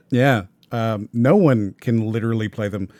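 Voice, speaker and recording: A man's voice: fairly low pitch, a little slow, warm tone, no room sound. A man hosting a casual podcast, wry and teasing, trailing off as he thinks aloud. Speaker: podcast host.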